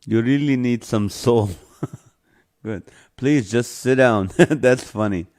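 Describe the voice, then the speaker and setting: A man's voice: mid-range voice, takes it slowly, a little mellow. A man hosting a live online show, reading viewer comments aloud and chuckling often.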